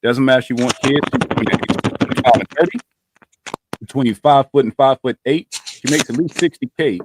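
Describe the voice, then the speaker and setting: A man's voice: medium pitch, normal speed, very noisy. A man hosting a podcast, running a playful dating quiz with friends over a video call, teasing and using loose slang. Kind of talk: casual group chat on a video call.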